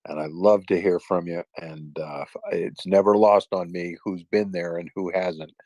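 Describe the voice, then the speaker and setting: Deep-voiced welcoming host, dry mic. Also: male voice, fairly even intonation, no echo, dull audio. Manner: warm, welcoming, unhurried. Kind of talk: casual chat.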